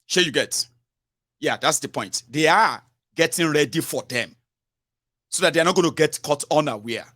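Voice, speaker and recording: A man's voice: a little high, animated, moderate pace, sharp tone, no echo, studio quality. Nigerian man hosting an urgent call-in show. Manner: urgent, repetitive, fillers and tags like "oh" and "sure you get". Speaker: talk show host. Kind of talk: political call-in talk.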